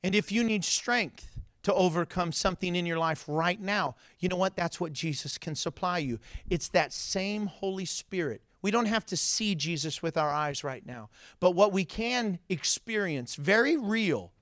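A man preaching a sermon as pastor, telling stories in an animated way, with loud, high outbursts, and joking and laughing between points. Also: normal speed, few pauses, no echo, clean studio sound. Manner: animated storytelling, gets loud and high acting out scenes.

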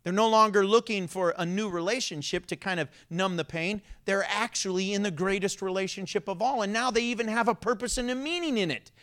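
Bright high-voiced pastor preaching. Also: male voice, fairly quick, few pauses, clear, resonant tone. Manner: playful, self-mocking, energetic. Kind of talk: sermon. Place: church.

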